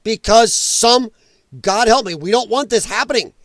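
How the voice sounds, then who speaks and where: A man with a high voice hosts a reaction commentary show, ranting angrily and repeating his points for emphasis. The sound is dry with no room around it. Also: moderate pace, a bit bright, dry recording. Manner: emphatic, repetitive, angry ranting.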